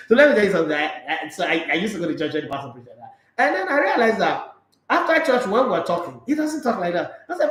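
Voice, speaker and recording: A Nigerian man with a high voice hosts a sports live stream, joking and chatting freely with viewers. His voice bounces around an echoey indoor room. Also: wildly swooping pitch, brisk, fairly bright tone. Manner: playful, jokey, talkative. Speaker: sports show host. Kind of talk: casual live-stream chat reading viewer comments.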